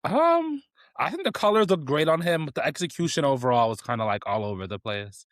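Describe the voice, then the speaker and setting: Young man, podcast co-host, sassy, animated pitch, dry sound. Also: brisk, dry recording. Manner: expressive, sassy, laughs often. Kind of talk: casual chat.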